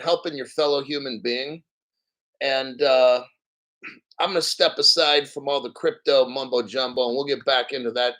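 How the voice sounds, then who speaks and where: Over poor audio, a medium-pitched, slightly bright male voice runs a crypto livestream with a casual rant. He swears bluntly, reads viewer comments aloud, mocks others with exaggerated put-on voices, and is a little out of breath.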